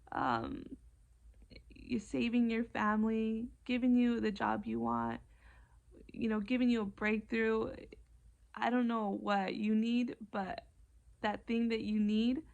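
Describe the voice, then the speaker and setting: A woman's voice: on the high side, steady tone, unhurried, creaky, highs cut off. Earnest young woman telling a story. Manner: emotional, earnest, filler-heavy retelling. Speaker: vlogger. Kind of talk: casual storytime.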